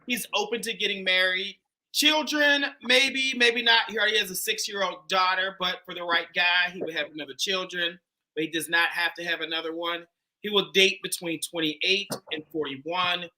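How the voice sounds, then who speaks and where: A man's voice: sits high, steady tone, normal speed, sharp tone, poor audio. A man hosting a dating show, introducing a single in a playful, chatty way.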